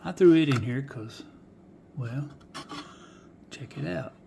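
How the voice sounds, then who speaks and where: A man's voice: mid-range voice, expressive, slow pace, vocal fry, noisy background. A man showing off die-cast cars in a casual vlog, folksy and musing aloud, often dropping to a whisper. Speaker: die-cast car collector showing finds. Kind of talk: casual show-and-tell vlog.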